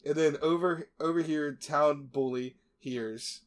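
At a measured pace, a man with a slightly high voice goes over a movie's plot on his podcast, joking casually and frequently breaking off for asides or starting over.

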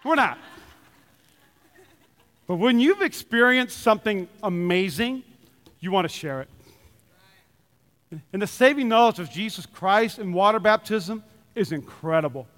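Passionate male preacher, high bright voice. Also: animated, measured pace, long pauses. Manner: passionate, emphatic preaching with repetition. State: sweaty. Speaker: pastor. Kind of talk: sermon. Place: church sanctuary. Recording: long church hall reverb.

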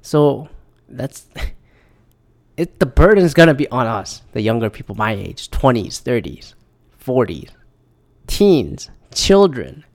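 A man's voice: medium pitch, sing-song, slow pace, pauses often. A young man hosting a podcast, in a rambling, profane, exasperated monologue. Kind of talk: casual ranting monologue.

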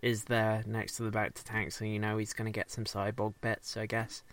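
A man's voice: fairly low pitch, monotone, a bit bright. Rambling, swearing man recapping. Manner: rambling, swears often, does silly quick voices for characters. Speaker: podcast co-host recapping a show. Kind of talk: casual chat.

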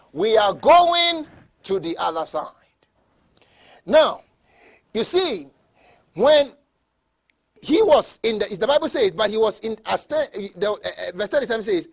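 A man with a high voice preaches in a lively, swooping way. He repeats words for emphasis and pushes up to shouted peaks, then drops back. His delivery is that of a pastor working the congregation. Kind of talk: sermon.

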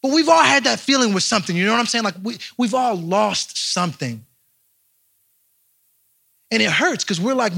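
A young man, a pastor, preaching a lively storytelling sermon straight to his congregation. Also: high voice, moderate pace, gravelly, pauses often, breathy edge. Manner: animated, speaks straight to the congregation.

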